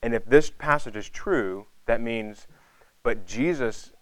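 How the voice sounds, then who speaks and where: A man's voice: medium pitch, slow pace, no echo, low-quality recording. A man preaching a conversational sermon, rambling casually with many fillers and restarts.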